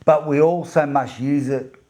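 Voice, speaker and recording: A middle-aged man from Australia gives a motivational talk to other men. He tells a long story in a rambling way, repeating words and laughing often. His voice sits slightly higher than most men's. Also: fairly even intonation, measured pace, dark tone. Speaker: men's coach and podcast host.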